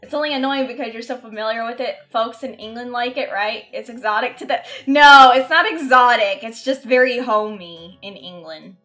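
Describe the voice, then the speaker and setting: A woman's voice: fairly high pitch, normal speed, few pauses, sharp tone, faint music behind. A woman streamer chatting casually while gaming, self-mocking and swearing freely. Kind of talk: casual game streaming chat.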